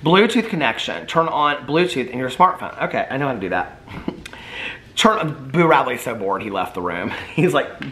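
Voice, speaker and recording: A man's voice: mid-range voice, very animated, moderate pace, fairly bright tone, roomy sound, slight background noise. A man chatting casually to camera at home, rambling and self-deprecating with frequent laughs. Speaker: vlogger. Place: at home, room with ring light.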